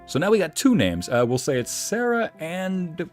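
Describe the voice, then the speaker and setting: His voice is a little high and his pace moderate as he tells a story during a casual game stream. He acts out the quoted lines in a raised, animated voice, with faint music playing underneath.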